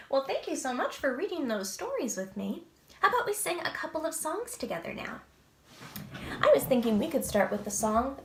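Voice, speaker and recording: A woman librarian reading a picture book aloud to preschoolers, slow and expressive, asking the children questions. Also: high voice, reverberant, a little hiss or hum. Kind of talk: preschool story time read-aloud.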